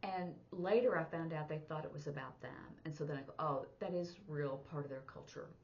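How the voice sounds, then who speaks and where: A woman with a lowish voice talks through a casual lesson as a sign language teacher and interpreter. She is chatty and acts out little snatches of dialogue. The recording sounds dull and lo-fi. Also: a little fast, slight background noise.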